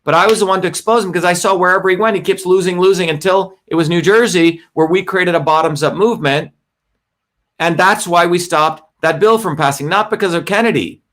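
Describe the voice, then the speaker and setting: A man's voice: high-pitched, fairly quick, fairly bright tone. Emphatic, combative man hosting a livestream. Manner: emphatic, combative, repeats points, swears. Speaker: host of a live online show. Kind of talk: live-stream monologue.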